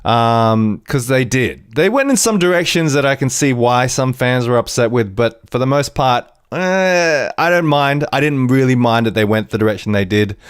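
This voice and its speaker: A man hosting a podcast gives an animated, rambling review of a TV episode in a medium-pitched, clear and resonant voice. He talks at a moderate pace with few pauses, and the studio sound is clean with no room echo.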